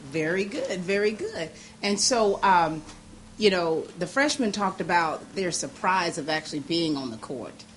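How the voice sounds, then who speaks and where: A woman with a fairly low voice hosts a local TV chat with students. She is effusive and teasing, and she laughs often. There is a faint hiss behind her. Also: lively intonation, a little slow. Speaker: TV host interviewing students. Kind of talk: upbeat local TV interview.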